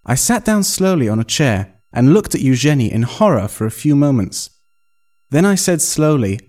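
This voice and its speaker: A man reading a first-person story aloud in an expressive, storytelling manner. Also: medium pitch, normal speed. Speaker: narrator. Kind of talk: scripted story narration.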